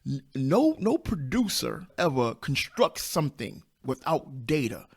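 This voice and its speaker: A man in his fifties with a squeaky voice, hosting a podcast as a self-publishing coach and speaking off the cuff in a blunt, emphatic way, repeating his key points. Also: sing-song, measured pace, creaky, husky. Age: 50s. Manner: blunt and down-to-earth. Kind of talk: unscripted motivational podcast monologue.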